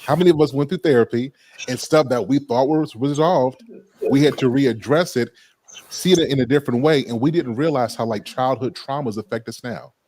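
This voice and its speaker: A man hosting a casual group discussion, speaking in an animated, preacherly way. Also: medium pitch, fairly quick. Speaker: host.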